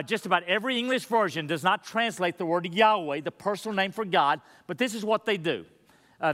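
A man's voice: high voice, a bit bright. A man preaching as a pastor in a church, earnest and emphatic, breaking into teaching asides. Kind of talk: sermon. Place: church sanctuary. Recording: long church-hall reverb.

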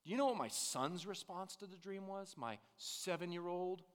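A man in his thirties preaching a sermon, dropping to a hush and then building to loud, emphatic declarations. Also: high-pitched, normal speed. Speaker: pastor. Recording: long reverb of a large hall.

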